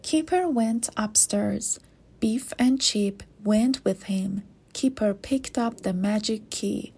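A woman reads a children's picture book aloud at a very unhurried pace. Her voice is soft and breathy, gentle and clearly paced, and she gives the characters only light voices. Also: mid-range voice. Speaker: storybook reader. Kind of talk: children's storybook read-aloud.

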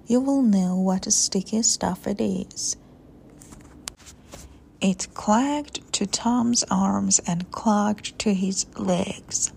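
A woman's voice: medium pitch, vocal fry, dark tone, a little hiss or hum. A woman reading a children's story aloud expressively, with playful sound words.

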